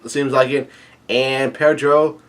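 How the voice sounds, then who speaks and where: A man's voice: medium pitch, little pitch movement, slow, fairly bright tone. A man casually reading through a comic chapter and commenting, with many fillers and restarts. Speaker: manga chapter reader.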